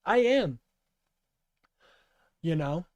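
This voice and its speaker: A man's voice: sits high, lively intonation, extremely slow, a little mellow, no echo, dull audio. A man in his twenties giving profane, heated reaction commentary on a clip. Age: 20s. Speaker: political streamer.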